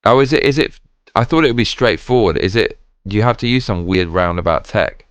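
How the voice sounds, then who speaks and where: A man's voice: on the low side, expressive, brisk, a bit bright, no echo, lo-fi sound. A man streaming a game, talking casually to his chat while drunk, rambling and swearing.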